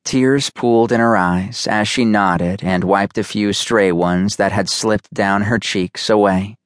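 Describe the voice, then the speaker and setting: A man narrating a first-person audiobook in a measured, dramatic manner, recorded close on a studio mic. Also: fairly low pitch, dry recording.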